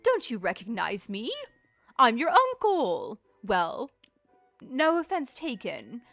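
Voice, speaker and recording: A woman voicing a jovial male vampire uncle who has been cursed into a small bat, giving the game dialogue a lively, theatrical read. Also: high-pitched, slow pace, no room sound, soft background music, voice pushed up, exaggerated voice. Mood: wry.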